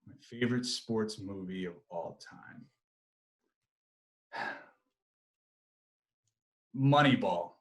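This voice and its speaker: Chatty young man, lively and rambling. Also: on the low side, slow, long pauses, low-quality recording. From Massachusetts. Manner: animated, many fillers and restarts. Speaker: sports reporter, guest. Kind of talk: casual interview chat.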